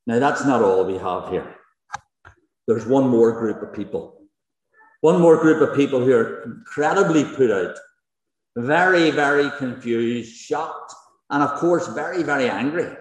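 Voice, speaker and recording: A man's voice: mid-range voice, a little slow. A male pastor preaching a sermon to a congregation, emphatic, with rhetorical questions and repeated phrases. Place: large church hall with congregation. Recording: echoey hall with long reverb.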